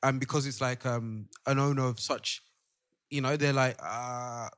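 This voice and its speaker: A man co-hosting a podcast, talking loudly and projecting in a casual group discussion. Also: mid-range voice, fairly even intonation, moderate pace, dry recording, studio quality. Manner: loud and projecting, calls it his pastor voice. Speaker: podcast co-host.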